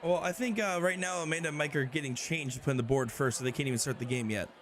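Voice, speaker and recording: A man runs rapid play-by-play on a darts match and breaks down each player's strategy. His voice sits a bit high and he talks quickly. Faint background noise runs under the audio. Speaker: darts commentator. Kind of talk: live sports commentary.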